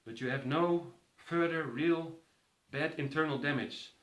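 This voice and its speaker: A man voicing a steady doctor giving a patient careful news. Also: on the high side, unhurried. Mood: measured. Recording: roomy echo.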